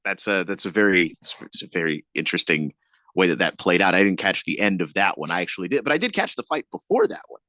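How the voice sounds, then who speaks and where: A man's voice: sits low, animated, fast talker, bright, forceful tone, dry recording. A man co-hosting a sports radio show, chatting casually in a laid-back, chuckling way.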